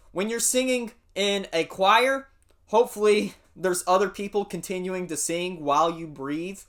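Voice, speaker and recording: A man teaching a singing warm-up lesson, explaining patiently and singing short demonstrations. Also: sits high. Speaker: music teacher.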